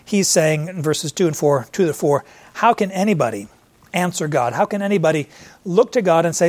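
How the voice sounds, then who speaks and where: A man's voice: fairly high pitch, expressive, normal speed, no room sound. A man teaching a conversational Bible study, working through verses, often restarting phrases and paraphrasing the characters. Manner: explains verse by verse with frequent restarts and paraphrased quotes.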